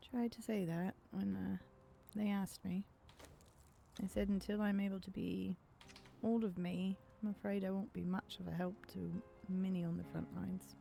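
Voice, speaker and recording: A woman's voice: mid-range voice, level tone, moderate pace, gravelly, dark tone, slight background noise. A woman in in-character role-play chat, with a dry, sardonic way of talking.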